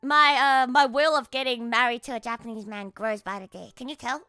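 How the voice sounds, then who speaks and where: A woman's voice: high voice, moderate pace, bright, forceful tone, clean tone, no room sound, faint music behind. A woman streamer in casual sarcastic chat, rambling and laughing often, on a close mic.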